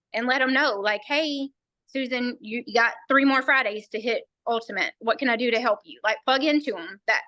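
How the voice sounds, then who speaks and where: A woman tells a long personal story with earnest feeling, slipping into the voices of the people she quotes. Her voice is bright and fairly high. The sound is dry and close. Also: no room sound, poor audio. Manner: earnest storytelling, quoting others. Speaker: team member sharing a story. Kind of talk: personal testimony on a team call.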